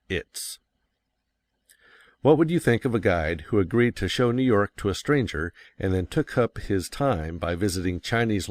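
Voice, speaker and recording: A man reading nonfiction aloud as an audiobook narrator, in a measured, deliberate manner. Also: low voice, no room sound.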